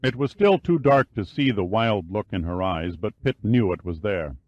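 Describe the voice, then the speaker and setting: A man narrating an audiobook in a measured, steady reading style. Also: lowish voice, no echo, lo-fi sound. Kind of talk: scripted narration.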